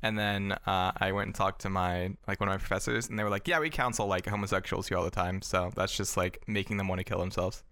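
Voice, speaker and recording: A man's voice: deep voice, flat delivery, quick pace, few pauses, fairly bright tone, no room sound, clean studio sound. A young adult man co-hosting a podcast, rambling through casual stories and laughing easily. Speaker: podcast co-host.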